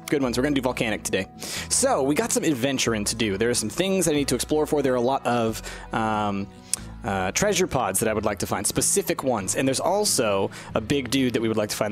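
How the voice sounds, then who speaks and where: Man, gameplay host, animated, chatty, faint music behind. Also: medium pitch. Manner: animated, chatty, coos at game creatures. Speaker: let's-play host. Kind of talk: casual gameplay commentary.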